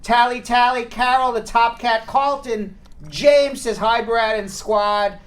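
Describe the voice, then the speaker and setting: A man's voice: very high voice, slow, a crowd in the background. A man with a Long Island New York accent hosting a casual live talk show, upbeat as he reads out viewer names and greetings. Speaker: host.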